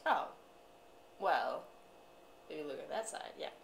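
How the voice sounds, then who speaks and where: A woman's voice: low voice, lively intonation, a little slow, vocal fry, far from the mic, slight background noise. Mom coaxing her toddler with bouncy, playful baby talk, recorded in an echoey home room. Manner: playful sing-song coaxing. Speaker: mother.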